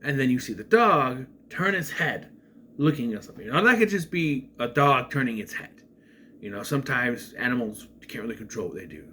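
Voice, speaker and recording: A man's voice: mid-range voice, expressive, brisk, sharp tone, a little hiss or hum. A man giving a casual, rambling spoken film review, with frequent restarts and asides. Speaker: movie reviewer.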